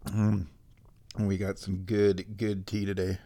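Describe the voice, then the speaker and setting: A man's voice: low-pitched, flat delivery, measured pace, mellow, a little hiss or hum. A man vlogging in a casual, meandering way, telling a long everyday story with little laughs and sighs along the way. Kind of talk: casual rambling vlog.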